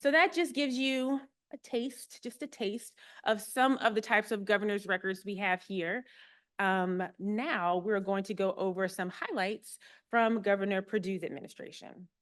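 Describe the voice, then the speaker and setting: A woman's voice: mid-range voice, steady tone, unhurried. Woman archivist giving a friendly talk. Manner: friendly, explanatory, lightly humorous. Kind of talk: public talk to an audience. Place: room with a live audience.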